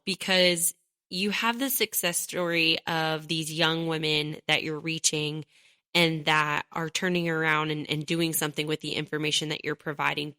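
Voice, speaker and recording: A woman host with a lowish, bright, crisp voice asks her guest questions in relaxed interview talk. The sound is dry and close, with no room around it. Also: dry recording. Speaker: podcast host. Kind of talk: casual interview.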